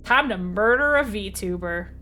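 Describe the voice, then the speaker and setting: Woman, streamer, reads visual novel aloud, blunt, profane, excitable. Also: medium pitch, a little slow, a little hiss or hum. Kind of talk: reading a visual novel aloud with live reactions.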